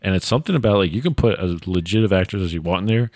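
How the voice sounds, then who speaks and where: A man's voice: low-pitched, expressive, rapid-fire, a little mellow, dry recording, clean studio sound. A man chatting casually about a horror film he watched, laid-back and full of fillers, now and then quoting the characters. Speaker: podcast co-host. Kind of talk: casual movie review chat.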